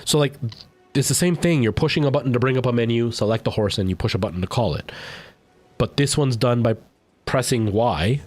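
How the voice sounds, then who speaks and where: A man's voice: mid-range voice, a little fast, a little mellow, faint music behind. A man streaming a game live, rambling and thinking aloud as he plays, often poking fun at himself. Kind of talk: live gameplay commentary.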